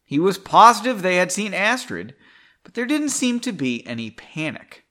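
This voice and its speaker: A man's voice: sits high, big pitch swings, normal speed, pushed and bright. Profane, self-mocking man reading his story. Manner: stumbles and rereads lines. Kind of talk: casual read-aloud with commentary.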